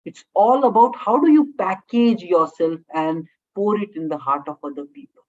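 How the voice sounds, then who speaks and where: A woman with an Indian English accent gives a classroom lecture as a communication trainer. Her voice sits fairly low, and she breaks her points into short phrases punctuated by "okay?". The recording sounds dull and lo-fi. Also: normal speed, a little mellow. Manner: talks in short phrases with frequent "okay?" check-ins, mixes Hindi into English.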